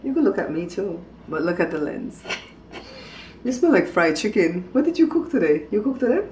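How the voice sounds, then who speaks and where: A woman's voice: medium pitch, big pitch swings, moderate pace, darkish tone, roomy sound, slight background noise. A woman hosting a casual home vlog, outspoken and teasing as she talks to the camera. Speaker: vlog host. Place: at home in a hallway.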